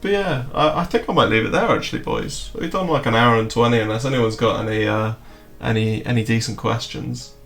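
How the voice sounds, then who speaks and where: A man hosts a casual livestream, rambling and swearing freely. His voice has a gravelly edge, sits at a middling pitch, and carries a roomy echo with faint music underneath. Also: brisk, hardly any pauses, fairly bright tone. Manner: loose, rambling, swears and laughs often. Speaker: crypto trading streamer.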